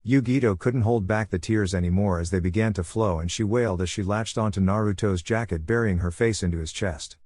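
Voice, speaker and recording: A man narrating a fan-fiction story in a steady, even reading voice. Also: on the low side, brisk, few pauses, no echo.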